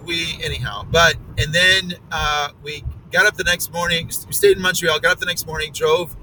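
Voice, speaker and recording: A man's voice: on the high side, steady tone, moderate pace, pushed and bright, distant mic, slight background noise, poor audio. A middle-aged man telling a long story in casual chat, rambling with fillers and restarts.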